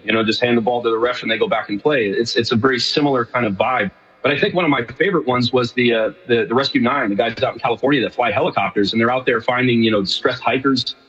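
A middle-aged man from New York speaks quickly, rambling through fillers and restarts, his voice a little husky. He comes in over a dull, lo-fi remote line. A long reverb trails behind him. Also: mid-range voice, a bit bright. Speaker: guest. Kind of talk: casual radio interview.

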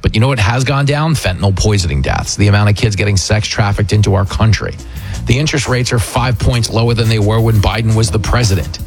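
A man's voice: on the low side, quick pace, creaky, soft background music. A man hosting a political talk radio show, delivering an opinionated monologue in a combative, sarcastic way. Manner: combative, sarcastic, mocking impressions.

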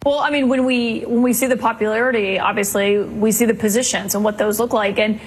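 A woman anchoring a TV news interview and asking brisk, probing questions. Her voice sits fairly high. Faint background noise runs under the broadcast clip. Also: steady tone, poor audio.

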